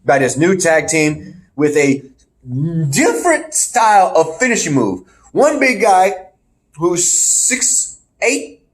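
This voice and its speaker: A man with a somewhat raised voice talks through a wrestling match in a loose, rambling way. His play-by-play is animated and broken by quick laughs, the sound of a relaxed podcast co-host. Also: sits high. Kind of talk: casual wrestling review chat.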